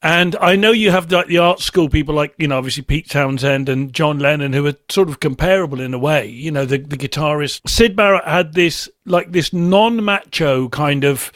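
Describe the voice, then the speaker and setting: A man's voice: fairly high pitch, normal speed, hardly any pauses, a bit bright, no echo. A man, a musician being interviewed, talking thoughtfully and with enthusiasm about music, often restarting his sentences. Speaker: musician guest. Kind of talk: casual interview talk.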